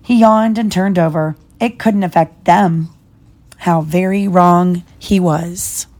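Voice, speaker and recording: Mellow-voiced mom reading a storybook aloud. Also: female voice, on the low side, steady tone. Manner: gentle, pauses to explain to her child. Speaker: mother reading to her child.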